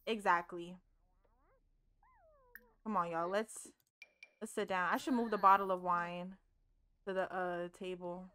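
A young woman doing casual let's play commentary, chatty and animated, scolding the game characters and swearing freely. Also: on the low side, unhurried, long pauses, smooth. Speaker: gaming streamer.

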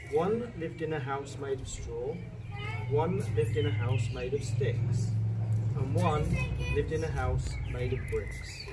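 Slow storytelling man, distant noisy recording. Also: on the high side. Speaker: teacher. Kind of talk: reading a picture book aloud. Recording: distant mic, noisy background with birds.

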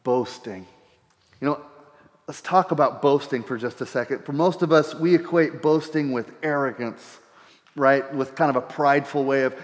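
A man's voice: medium pitch, normal speed. Middle-aged pastor guy giving a sermon, talks like a chat, restarts his words a lot, long echo of a big church room. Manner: conversational, repeats words while thinking aloud. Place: church hall. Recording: church hall with long reverb.

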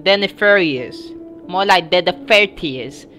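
A young woman commenting on a horror game as she plays it, excitable and casually swearing, often yelling at what happens on screen. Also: fairly low pitch, unhurried, faint music behind. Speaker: gamer, channel host. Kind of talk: let's play commentary.

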